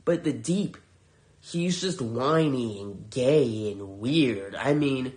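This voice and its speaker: A man's voice: medium pitch, expressive, slow pace, darkish tone. A man hosting a podcast, reviewing shows in a heated, profane, sarcastic rant. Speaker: podcast host.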